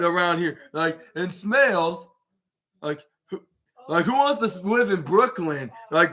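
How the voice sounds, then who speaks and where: A man's voice: a little high, a bit bright. A man hosting his own podcast, recapping wrestling in a casual, rambling way and acting out quoted lines. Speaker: podcast host.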